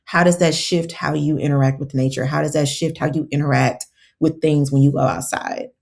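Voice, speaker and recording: A woman's voice: low-pitched, fairly even intonation, brisk, gravelly, darkish tone. A woman herbalist, a guest on a podcast, telling stories in casual conversation and acting out her own quotes.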